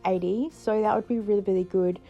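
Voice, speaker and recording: A woman's voice: medium pitch, steady tone, brisk, warm tone, lo-fi sound, soft background music. A middle-aged Australian woman chatting casually in a vlog, laughing often and retelling moments with playful voices. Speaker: frugal living vlogger.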